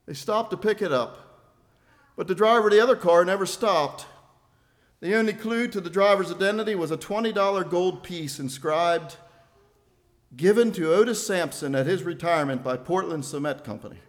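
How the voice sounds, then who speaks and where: High-voiced older preacher, rising and falling. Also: male voice, moderate pace. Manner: emphatic, swells loud on key phrases then drops low. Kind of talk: sermon.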